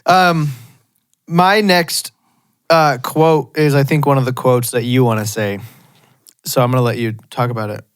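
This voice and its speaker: A man co-hosting a movie review podcast, retelling scenes in a casual, animated way with frequent laughter. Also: medium pitch, a little slow, smooth, dry recording, studio quality.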